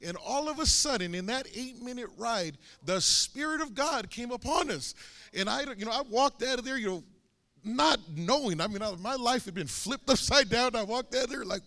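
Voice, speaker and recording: A man's voice: very high voice, lively intonation, normal speed, pushed and bright. A young man preaching a sermon, telling a personal story with many fillers and restarts. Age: young adult.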